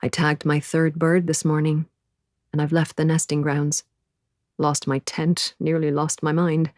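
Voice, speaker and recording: A woman narrating a first-person audiobook in a measured, intimate way. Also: sits low, flat delivery, a little mellow, dry recording, studio quality.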